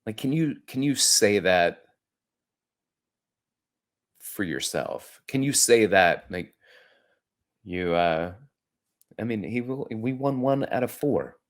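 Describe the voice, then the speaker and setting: A man hosting a podcast, telling a personal story in an earnest, conversational way that grows animated when he quotes others. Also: on the low side, slow pace, long pauses. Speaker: podcast host. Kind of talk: reflective storytelling monologue.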